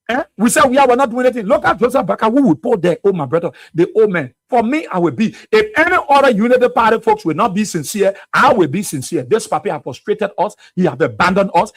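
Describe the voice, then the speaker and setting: This man's voice sits high as he hosts a radio talk program with a Liberian English accent. He mocks politicians in animated commentary, often breaking into laughter, with no room sound audible.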